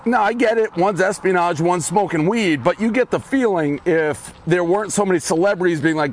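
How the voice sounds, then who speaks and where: A man's voice: high voice, a little fast, few pauses. A man ranting bluntly and with lots of swearing while walking, out of breath. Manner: blunt, profane, fired-up. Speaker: commentator ranting in a video clip. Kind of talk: casual rant while walking. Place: outdoors on a street, walking.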